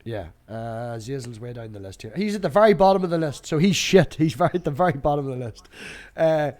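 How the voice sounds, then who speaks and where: A man's voice: mid-range voice, animated, fast talker, darkish tone. A man with an Irish accent in a casual podcast discussion, talking loosely with hesitations and the odd swear word. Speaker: co-host.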